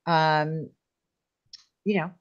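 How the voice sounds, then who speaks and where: Slow-talking woman, dull lo-fi sound. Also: sits low, fairly even intonation. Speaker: co-host. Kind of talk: casual chat.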